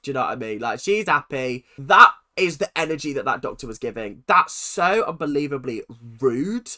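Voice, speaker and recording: Excitable reaction host. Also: mid-range voice, normal speed, hardly any pauses. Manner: emotional, swearing, exclaiming. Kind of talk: casual reaction commentary.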